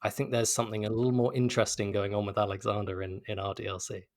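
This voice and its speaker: A man's voice: on the low side, little pitch movement, quick pace. A British man, a game developer, answering interview questions in an enthusiastic, articulate way with frequent restarts. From Britain.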